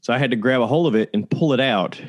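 A man casually telling a personal story to his listeners, candid and conversational, with frequent pauses and fillers. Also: mid-range voice.

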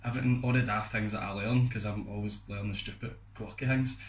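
Fast-talking Scottish young man, echoey. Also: on the low side, fairly even intonation. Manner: rambling, loose, fond of "do you know what I mean". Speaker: podcast co-host. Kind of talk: casual storytelling. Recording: echoey room with faint noise.

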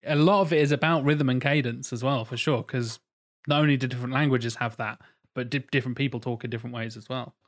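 A man in casual podcast talk with a mid-range voice. He talks in an animated way and slips into playful mock voices to make a point. The chat is loose and conversational. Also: mid-range voice, fast. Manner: animated, acts out voices in quotes. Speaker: podcast co-host.

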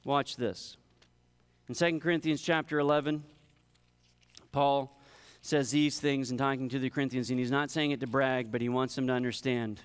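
A man preaching a sermon, building in intensity and slowing down to stress key words. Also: medium pitch, fairly even intonation, smooth, in a large hall. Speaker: pastor.

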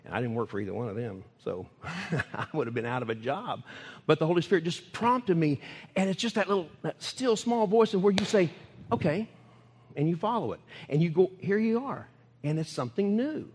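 A man's voice: sits high, brisk, slightly rough. Older male pastor preaching in a reverberant church. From United States. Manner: animated preaching, repeating key phrases for emphasis. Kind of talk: sermon. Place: church sanctuary.

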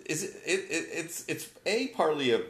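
A man's voice: fairly high pitch, big pitch swings, normal speed, a bit bright. A man co-hosting a casual sports chat, arguing his points emphatically. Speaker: sports talk co-host. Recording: roomy echo.

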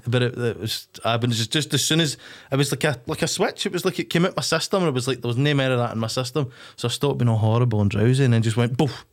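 A man's voice: mid-range voice, quick pace, few pauses. A young Scottish man telling a candid story in casual chat, rambling with frequent restarts and swearing. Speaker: podcast guest.

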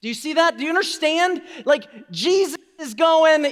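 A male pastor preaching a sermon, swinging from quiet asides to loud, emphatic declarations. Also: extremely high pitch, lively intonation, normal speed, hardly any pauses, in a large hall.

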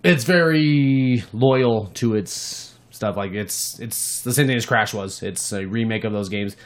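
A man co-hosting a gaming podcast speaks at a measured pace in a voice on the low side. He keeps the chat casual but gets animated and profane, ranting about games with lots of swearing.

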